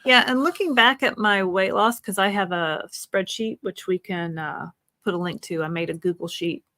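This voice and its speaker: A woman's voice: mid-range voice, normal speed, pushed and bright, no room sound. Chatty middle-aged woman co-host, dry sound. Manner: chatty, laughs often, gives practical advice. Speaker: co-host of a weight-loss livestream. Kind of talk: casual live-stream chat.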